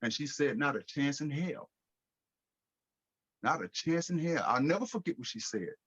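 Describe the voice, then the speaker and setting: A middle-aged American man telling his life story in a podcast interview, lively, with casual slang and acted-out quotes. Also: on the high side, normal speed, husky, no room sound, highs cut off. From United States. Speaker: guest speaker.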